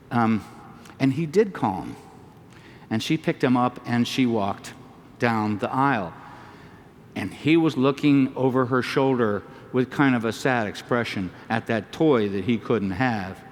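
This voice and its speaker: A man, a psychologist on a panel, telling a personal story in a gentle, unhurried way with pauses and fillers. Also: medium pitch, a little hiss or hum. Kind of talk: storytelling talk. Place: large lecture hall. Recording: distant mic in a large reverberant hall.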